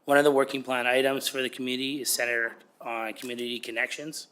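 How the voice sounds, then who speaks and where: A slightly hoarse man presenting a committee report at a council meeting, steady but full of "uh" and "um". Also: mid-range voice, fast. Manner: steady, with frequent "uh" and "um". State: a little hoarse.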